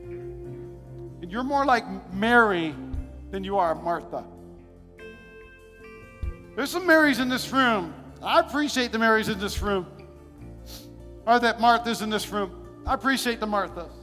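High-voiced man preaching in a big hall. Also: expressive, unhurried, pauses often. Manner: impassioned preaching, swinging from shouts to hushed tones. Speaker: pastor. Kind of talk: sermon. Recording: long hall reverb, faint music.

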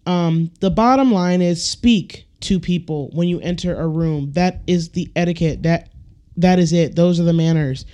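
A man's voice: on the high side, normal speed, dark tone, clean tone. A man hosting a casual solo podcast, ranting bluntly and profanely, and now and then acting out the people he quotes. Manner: acts out quoted people with shifts in voice. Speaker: podcast host.

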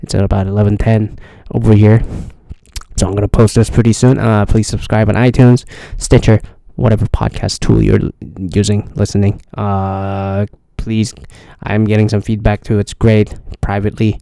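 A man hosting a casual solo podcast from a hotel room, talking quietly in a rambling, blunt, profane way. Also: fairly low pitch, little pitch movement, normal speed, vocal fry, dry recording. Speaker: podcast host.

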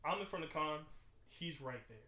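Animated young man, lively storyteller. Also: on the high side, moderate pace, echoey room. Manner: animated storytelling, laughs often. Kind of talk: casual chat.

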